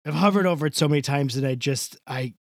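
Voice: medium pitch, quick pace, dry recording, clean studio sound. A podcast co-host in casual chat, ranting with passion and swearing a lot.

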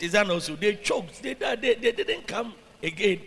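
A male preacher with a high, gravelly voice reads scripture and unpacks each verse. He keeps asking his listeners whether they follow. His bright voice rings out in a reverberant hall. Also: expressive, normal speed. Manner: reads scripture aloud then explains it, with questions to the congregation. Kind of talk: sermon.

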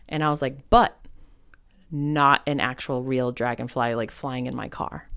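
A woman hosting a solo spiritual podcast, telling personal stories in a chatty, animated way with lots of fillers. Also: rumbling low, normal speed, smooth, no echo. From New England. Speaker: podcast host and medium.

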